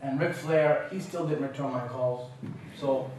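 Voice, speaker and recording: A man giving a university talk, telling an animated, self-mocking story. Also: medium pitch, unhurried, slight background noise. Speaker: guest speaker. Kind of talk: lecture storytelling. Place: university lecture room. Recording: echoey lecture hall from far off.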